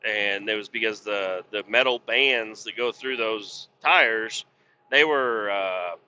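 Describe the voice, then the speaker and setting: A man telling a long, swear-filled story in a casual podcast chat, his voice very bright and sharp. He rambles and gets heated as he acts out arguments. The recording sounds a little dull and lo-fi. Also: lowish voice, slow pace, slight background noise. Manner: profane, rambling, gets worked up reenacting arguments. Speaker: podcast host.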